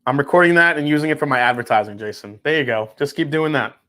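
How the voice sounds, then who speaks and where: A man with a slightly high, bright, forceful voice talks at a quick pace while hosting a live whiskey tasting stream. He reviews whiskey in a laid-back, chatty way, laughing easily and swearing casually now and then.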